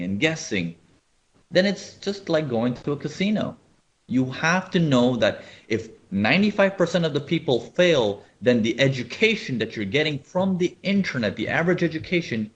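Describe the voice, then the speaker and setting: A man's voice: mid-range voice, highs cut off. A man running a live webinar on trading, explaining charts and often checking whether viewers follow. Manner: animated, asks viewers often. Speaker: trading educator.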